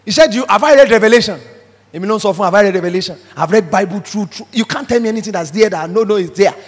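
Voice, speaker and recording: Pastor preaching hard, high husky voice, long echo in the hall. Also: male voice, rapid-fire. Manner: emphatic preaching, acts out quoted voices, code-switches. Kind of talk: sermon. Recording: reverberant hall.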